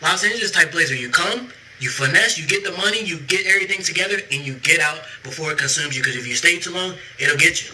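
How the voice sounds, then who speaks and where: A man speaks fast and candidly to camera, earnest and reflective. His voice is bright and slightly high for a man. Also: a little hiss or hum, rough recording.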